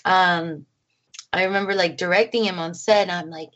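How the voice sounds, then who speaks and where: A woman filmmaker chatting as an interview guest, lively and full of acted-out quotes and laughter. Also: on the low side, moderate pace, lo-fi sound. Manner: animated, acts out quotes, laughs often. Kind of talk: casual interview chat. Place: home.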